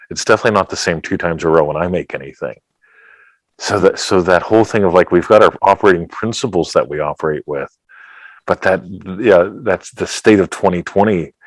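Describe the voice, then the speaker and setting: Deep-voiced man, dry close sound. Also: dry recording, low-quality recording. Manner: rambling, playful. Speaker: host. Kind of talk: casual conversation.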